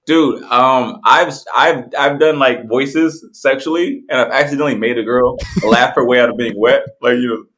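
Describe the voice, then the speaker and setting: A young man co-hosting a podcast, joking crudely, swearing and laughing easily. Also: medium pitch. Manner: animated, swearing, quick to laugh. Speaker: podcast co-host. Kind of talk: crude casual banter.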